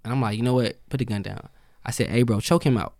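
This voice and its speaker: A young man tells a long story on a casual podcast. His voice sits at an ordinary middle pitch and swings up when he acts out what other people said. The sound is close and dry, with no room around it. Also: quick pace, creaky, no echo. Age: young adult. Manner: animated storyteller who acts out quoted lines. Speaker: podcast guest.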